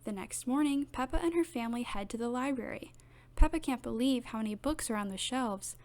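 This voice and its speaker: A woman reading a children's picture book aloud in steady, gentle narration. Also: a little high, a little fast. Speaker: storybook reader.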